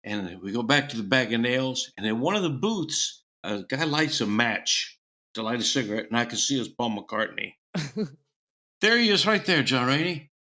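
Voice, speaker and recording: Older male guest storyteller from Florida with a bright, punchy tone who mimics the people in his tales. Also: medium pitch, moderate pace. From Tampa, Florida. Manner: lively, acts out the people in his stories. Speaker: guest musician. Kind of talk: anecdotal storytelling.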